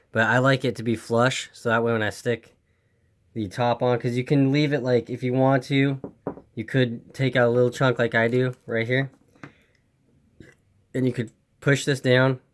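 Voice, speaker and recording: A man casually walking through an RC car repair step by step, rambling and repeating himself with a voice that is giving out. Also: medium pitch. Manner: rambling, repeats instructions, apologizes for camera. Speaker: RC hobby video host. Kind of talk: casual how-to walkthrough.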